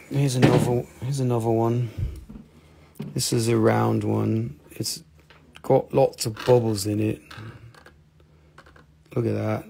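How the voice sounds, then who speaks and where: A man hosts a live mineral sale, chatting in a folksy, rambling way and making fun of himself. His voice has a gravelly edge at an ordinary middle pitch. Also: fairly even intonation, measured pace, long pauses, dark tone. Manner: folksy, rambling, self-joking. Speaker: host of a live mineral sales show. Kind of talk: casual live selling chat.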